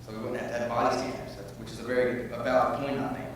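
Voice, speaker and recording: A man giving impassioned public comment at a community forum. He rambles, then grows loud and heated. He is picked up from far off in an echoey meeting room with faint noise behind him. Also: mid-range voice, flat delivery, very fast.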